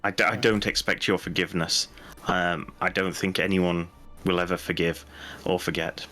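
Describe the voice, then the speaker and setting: A man playing a tabletop game, speaking in a soft, hesitant way. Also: low voice, level tone, moderate pace, soft background music. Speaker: player. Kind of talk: casual tabletop game play.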